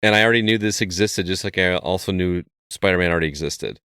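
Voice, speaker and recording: Very deep-voiced easygoing man. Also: fast, pushed and bright, smooth, no room sound, clean studio sound. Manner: easygoing, leads the talk. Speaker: podcast co-host. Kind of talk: casual chat.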